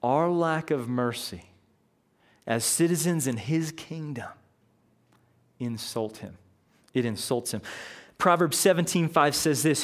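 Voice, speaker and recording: A man's voice: on the high side, normal speed. A man preaching a sermon, telling a parable in an earnest, storytelling way with frequent restarts. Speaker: pastor.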